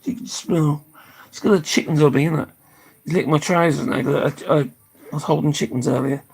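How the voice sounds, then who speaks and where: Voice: medium pitch, fairly quick, gravelly, darkish tone, low-quality recording. An older speaker chatting casually on a live stream, tired and losing their voice, swearing freely and laughing often.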